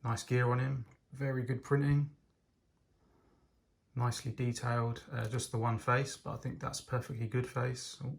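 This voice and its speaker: A man's voice: mid-range voice, level tone, normal speed, gravelly. A man giving a casual, enthusiastic toy set review, talking with frequent hesitations and ums. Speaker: LEGO reviewer.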